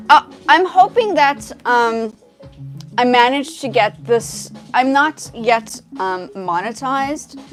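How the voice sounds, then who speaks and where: Chatty young woman with light South African twang. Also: a little high. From half South African, now living in the States. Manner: chatty, hesitant, restarts often, reads viewer comments aloud. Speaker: livestream host, music composer. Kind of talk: casual livestream chat with viewers. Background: her music track playing faintly.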